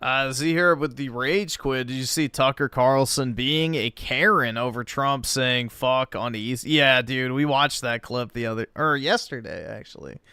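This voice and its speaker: A man's voice: mid-range voice, unhurried, hardly any pauses, sharp tone, clean tone, no echo. A man hosting a livestream, chatting loosely and offhand with lots of profanity. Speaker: livestream host. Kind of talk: casual stream commentary.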